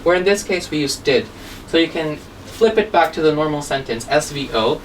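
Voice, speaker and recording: A woman's voice: low-pitched, lively intonation, normal speed. Woman teacher, distant mic, "okay?" tags. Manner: checks in constantly with "okay?" and "right?". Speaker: English teacher. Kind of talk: grammar lesson, explaining. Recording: distant mic with faint room noise.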